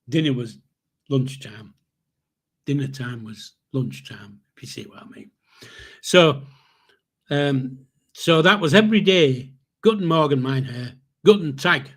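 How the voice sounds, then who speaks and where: Older male podcast host with a husky voice, rambling storyteller. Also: mid-range voice. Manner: rambling, with restarts and chuckles. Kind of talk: casual storytelling.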